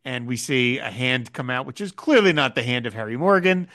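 A man's voice: mid-range voice, a little fast, no echo, studio quality. A man co-hosting a podcast, casually recapping a TV episode and acting out quoted lines as he goes. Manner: animated retelling, quotes scenes in character. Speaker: podcast co-host.

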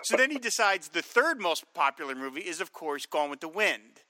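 Bright-voiced animated man, podcast co-host. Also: brisk, dry recording. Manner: animated, acts out movie lines in a high shout. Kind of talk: casual film chat.

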